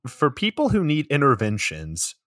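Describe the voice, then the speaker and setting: Male podcast co-host, profane and sarcastic, mid-pitched, dry booth sound. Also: huge pitch swings, moderate pace, a bit bright, dry recording. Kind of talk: casual comedic movie recap.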